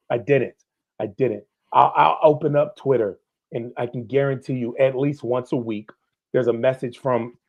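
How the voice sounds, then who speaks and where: A man's voice: medium pitch, darkish tone, muffled recording. A man, a former police officer appearing as a guest, speaking candidly and with passion, swearing as he gets worked up. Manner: candid, fired up, swears freely. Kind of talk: impassioned livestream conversation.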